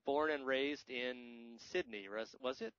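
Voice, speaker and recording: An American podcast host rambles through casual, joking chat in a slow, mid-range voice with a slightly bright edge. The audio is dry and a little muffled, with no echo.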